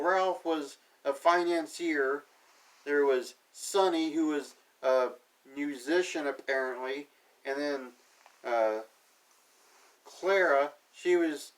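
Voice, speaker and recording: A man with a slightly high voice runs through an episode recap, dry and sarcastic, tossing off loose paraphrases of what everyone says. He sounds set back from the microphone, so the voice carries a little distance. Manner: sarcastic, paraphrases characters offhandedly. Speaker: TV episode reviewer.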